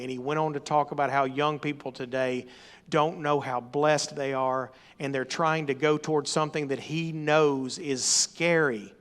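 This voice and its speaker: A middle-aged man preaching a sermon, emphatic and rising to loud exhortation. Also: a little high, fairly even intonation, normal speed. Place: church or meeting hall.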